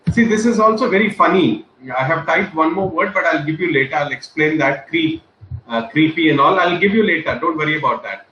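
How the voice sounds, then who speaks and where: A man hosts a relaxed group chat, talking on and on with plenty of fillers and repeats. His voice is bright and a little forceful. It echoes in a room and comes over a slightly dull line. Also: a little high, a little hiss or hum. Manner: chatty, repeats himself, many fillers. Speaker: English class host.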